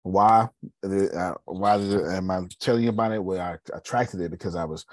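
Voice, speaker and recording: A man's voice: deep voice, moderate pace, no echo. A man hosting a podcast in casual live coaching talk, emphatic, repeating phrases and calling listeners by name. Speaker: podcast host.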